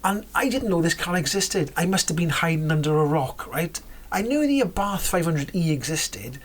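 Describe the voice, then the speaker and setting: A woman vlogging about cars in a rambling, chatty way, often correcting herself and dropping into whispered asides. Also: lowish voice. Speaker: car vlogger. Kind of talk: casual chat about cars.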